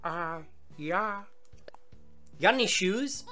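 A man giving excitable, jokey commentary on his gameplay and chatting back at the game characters. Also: high-pitched, slow pace. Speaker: gaming video host. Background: faint game music.

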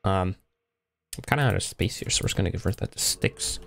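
A laid-back young gaming YouTuber rambles through casual Minecraft let's play commentary, talking to himself as he plays. His voice sits low, a bit bright and a little fast, with vocal fry.

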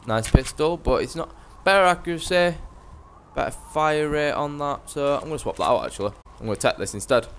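A man's voice: fairly high pitch, brisk, a bit bright, a little hiss or hum. A young man giving brash, sweary live commentary as he streams a game.

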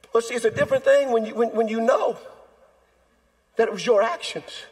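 Male pastor preaching, high voice with a husky edge, long hall reverb. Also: fairly quick, pauses often. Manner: preaching with dramatic acted-out quotes. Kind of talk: sermon. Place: church sanctuary.

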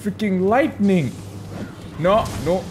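A man's voice: high-pitched, slow pace, noisy background. A man giving casual, playful commentary while gaming, talking back to enemies and chuckling as he goes. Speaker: gaming video creator.

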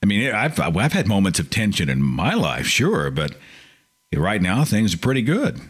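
Guy hosting a call-in podcast, low voice that swings all over, chatty and animated. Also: moderate pace, slightly rough. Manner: animated, mocking impressions of pious relatives. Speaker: podcast host. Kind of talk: casual call-in show monologue.

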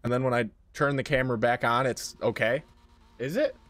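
A man's voice: mid-range voice, brisk, a bit bright, dry recording. A man streaming a car game live, chatting casually with his viewers, swearing and joking a lot. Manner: profane, joking, talks to chat. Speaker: livestream gamer. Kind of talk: casual gaming livestream commentary.

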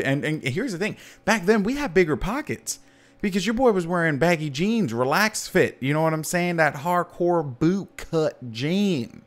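A man's voice: fairly high pitch, moderate pace. A man in his thirties hosting a podcast, chatting casually and jokily, with his voice leaping up to stress points. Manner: animated and jokey, voice leaping up for emphasis. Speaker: podcast host. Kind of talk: casual chat.

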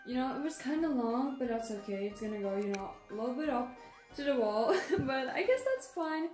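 A teenage girl talks to her viewers from her bedroom in a casual, upbeat way, eager to show off each thing she has. Her voice sits a bit high. The room adds a noticeable echo. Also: big pitch swings, a little fast, darkish tone, soft background music. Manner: chatty and upbeat, showing off decorations. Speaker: vlogger. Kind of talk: casual vlog narration.

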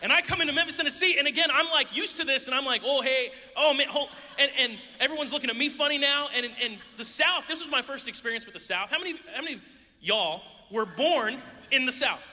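A man's voice: extremely high pitch, fast, pushed and bright. A man preaching a sermon to a church audience, a playful storyteller who acts out the voices in his stories. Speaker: youth pastor. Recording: echoey hall.

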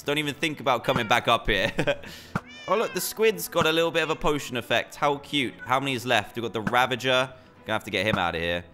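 A young British man giving excitable commentary while playing a game. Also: medium pitch. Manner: excitable, animated reactions. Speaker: gaming YouTuber. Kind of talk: gameplay commentary.

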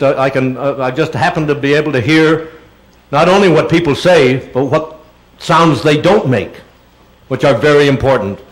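A man's voice: mid-range voice, poor audio. A man giving a talk in a large auditorium and answering audience questions. He speaks in a chatty, rambling way and calls audience members "dear.". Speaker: guest speaker.

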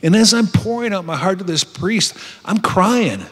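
At a retreat, a man shares a heartfelt personal testimony, telling his story earnestly and restarting often. His voice sits high and sounds animated and slightly rough, at a moderate pace. The conference hall gives the recording a long reverb.

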